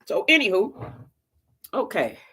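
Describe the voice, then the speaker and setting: A woman's voice: medium pitch, huge pitch swings, unhurried, sharp tone, husky. Lady rambling on her live stream, folksy storytelling, talking right to the viewers. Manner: chatty storyteller, talks straight to viewers, folksy phrasing. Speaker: vlogger doing a live stream. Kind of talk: casual live-stream chat.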